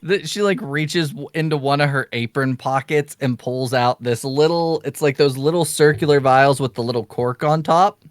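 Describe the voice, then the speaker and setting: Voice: mid-range voice, moderate pace, no echo. A game master narrating a tabletop game in a casual, chatty way, with frequent restarts.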